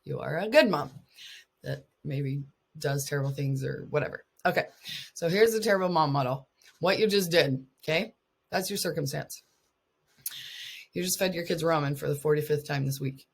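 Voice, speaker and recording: Husky low-voiced woman life coach. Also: moderate pace, pauses often. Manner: earnest, encouraging, laughs often. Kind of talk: casual coaching talk to mothers.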